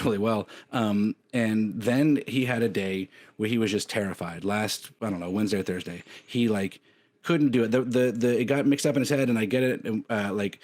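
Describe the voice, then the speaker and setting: A man in his thirties co-hosting a podcast, talking candidly in a rambling way, full of fillers and restarts. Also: lowish voice. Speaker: podcast co-host. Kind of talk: casual chat.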